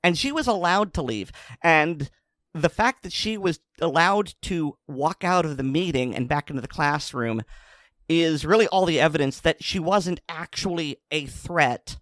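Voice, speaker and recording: A man's voice: a little high, lively intonation, measured pace, a bit bright, no room sound, studio quality. A man co-hosting a podcast, retelling a news story in a casual, sardonic way. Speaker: podcast co-host. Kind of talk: casual chat.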